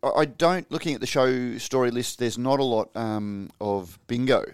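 A man's voice: medium pitch, moderate pace, clear, resonant tone, no echo, clean studio sound. A man co-hosting a casual podcast, teasing the others and chuckling, with lots of hesitant fillers. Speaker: podcast co-host. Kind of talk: casual chat.

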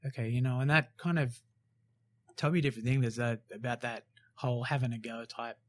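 A man's voice: mid-range voice, fairly even intonation, a little fast. A man in his late twenties or thirties, a former commando, telling his story frankly with lots of fillers and the odd swear word. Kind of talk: casual storytelling interview.

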